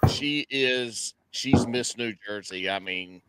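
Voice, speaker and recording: A man's voice: medium pitch, takes it slowly, clear, resonant tone, dry recording. A man trading jokes on a podcast, ribbing his co-host in an easy, mock-serious way. The mic is close and dry, with no room sound. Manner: wisecracking, ribbing. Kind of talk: casual podcast chat.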